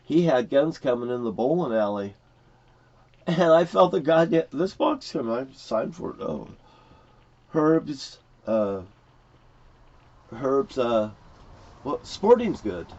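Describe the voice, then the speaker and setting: A man's voice: mid-range voice, takes it slowly, long pauses. Rambling, cussing man telling a story. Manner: profane, excitable, rambling. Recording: dull lo-fi recording.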